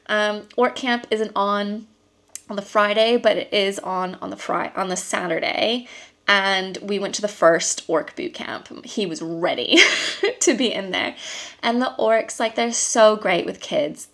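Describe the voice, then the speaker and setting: Woman vlogger, mid pitch, casual and rambling, fillers everywhere, animated when telling a story. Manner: chatty and rambling, with frequent ums and likes; lively storytelling with laughs. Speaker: vlogger and costume maker. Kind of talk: casual chat to camera.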